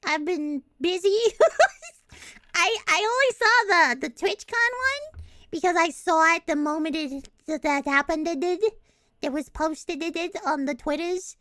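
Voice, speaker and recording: A woman's voice: very high-pitched, lively intonation, a little slow, sharp tone, dry recording, studio quality. A young adult woman streaming a casual chat, rambling, swearing and breaking into giggles often. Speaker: VTuber streamer.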